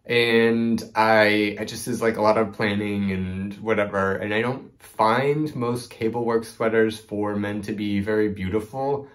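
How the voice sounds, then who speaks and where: Chatty low-voiced man talking knitting. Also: steady tone, a little slow, few pauses. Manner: chatty, rambling, frequent "like" and "um". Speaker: knitting podcast host. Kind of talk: casual chat to camera.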